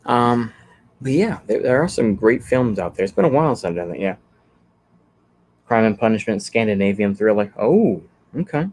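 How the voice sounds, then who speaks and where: A man with a drawl talks in a somewhat low voice, casually chatting on a livestream. He rambles in an easygoing way, thinking aloud with plenty of ums and restarts. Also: expressive, moderate pace, darkish tone. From Texas. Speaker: channel host. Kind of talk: casual livestream chat reading comments.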